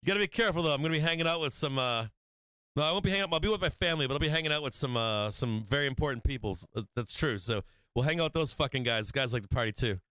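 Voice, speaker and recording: A man's voice: medium pitch, animated, rapid-fire, pushed and bright, clear, resonant tone, dry recording. A man hosting a stock trading livestream in casual chat, rambling and swearing freely, often breaking into laughter.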